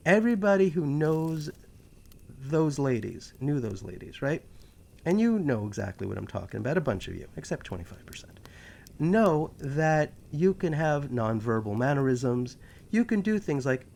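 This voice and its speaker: A man from New York with a New York accent, hosting a talk show in a casual, animated monologue full of sarcastic asides. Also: fairly high pitch, normal speed, gravelly. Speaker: podcast host.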